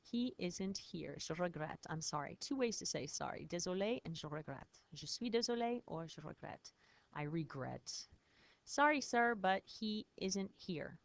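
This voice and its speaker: A woman's voice: low voice, lively intonation, normal speed, gravelly, a little mellow. A woman teacher patiently explaining French phrases in a recorded lesson, spelling words out.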